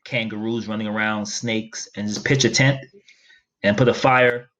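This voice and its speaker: A man's voice: fairly low pitch, steady tone, normal speed, fairly bright tone. A man from New York co-hosting a podcast, joking and teasing in casual chat. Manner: playful, teasing. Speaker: podcast co-host.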